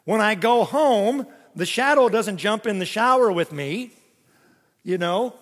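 A man preaching a sermon, telling lively stories with jokes and little voice impressions. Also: high voice, measured pace, big-room sound. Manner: animated storytelling with jokes and voice impressions.

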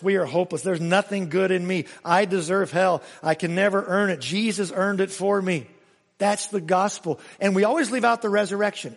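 A male pastor preaching a sermon, emphatic, swinging between raised exclamations and hushed asides. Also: high voice, big-room sound. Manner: emphatic preaching with sudden rises and hushed drops.

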